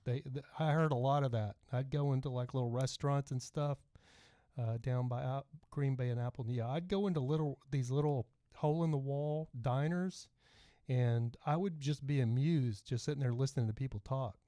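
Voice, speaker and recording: Speaking at medium pitch and a moderate pace, a middle-aged Texan with a gentle twang hosts a relaxed livestream podcast, rambling and reading viewer comments aloud. His voice is dark and mellow, recorded dry and close without room echo.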